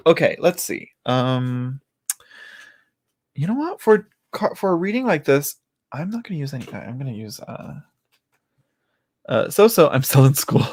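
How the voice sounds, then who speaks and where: In a sing-song, slightly mellow and husky mid-range voice, a man reads tarot live from his home, pausing at length at a normal pace. He banters with viewers, laughs frequently, and thinks aloud as he turns the cards, with no echo.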